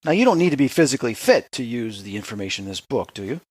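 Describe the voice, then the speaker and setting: A male host with a mid-range voice recorded dry and close. He talks casually and tells stories in an animated way, laughing easily. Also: medium pitch, quick pace, slightly rough, dry recording. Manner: lively, laughing anecdote teller. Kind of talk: casual interview talk.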